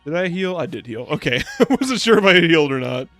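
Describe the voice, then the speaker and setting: A man's voice: on the high side, sing-song, a little fast, a bit bright. A man streaming a video game, making jokey asides and reading the dialogue aloud. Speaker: VTuber streamer. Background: game music.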